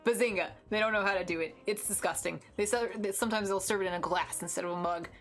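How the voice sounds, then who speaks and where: A woman's voice: medium pitch, fairly even intonation, fast talker, faint music behind. A young American woman streaming, chatting casually while she draws, rambling with lots of fillers and restarts. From United States. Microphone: desk mic with headphones.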